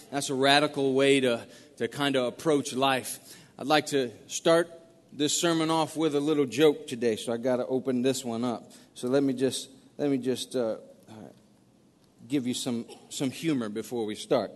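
A man preaching as a guest pastor, folksy and halting, with many restarts. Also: medium pitch, steady tone. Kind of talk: sermon with storytelling. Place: church sanctuary. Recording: long church-hall reverb.

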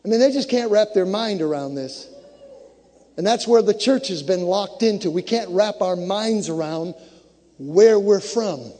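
A man with a high voice preaches a sermon, his words ringing through a long hall reverb. He builds to fervent shouts and drops into joking asides to the congregation. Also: animated, measured pace.

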